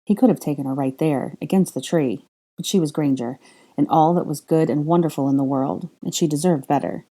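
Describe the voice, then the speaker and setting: A woman reads a story aloud in a measured, even narration. Her voice is low and mellow. She drops in wry asides as she goes. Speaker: fan fiction reader. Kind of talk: audiobook narration.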